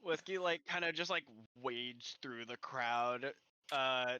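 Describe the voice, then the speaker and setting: A man playing a tabletop game, narrating his character's moves in a halting, drawn-out way. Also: medium pitch, sharp tone, clear, resonant tone, dry recording, muffled recording. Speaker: player.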